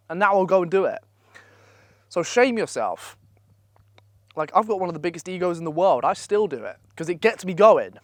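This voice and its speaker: A young man gives blunt, profane, energetic motivational advice in a casual vlog, speaking at a holiday villa. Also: high-pitched, normal speed, long pauses, no echo, clean studio sound. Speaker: online business coach.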